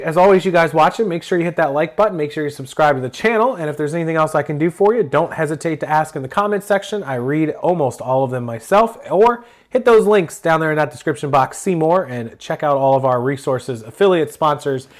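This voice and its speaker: A man's voice: fairly high pitch, animated, brisk, hardly any pauses. A man hosting a reselling vlog who reads a news story aloud and breaks off into casual asides. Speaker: reselling channel host.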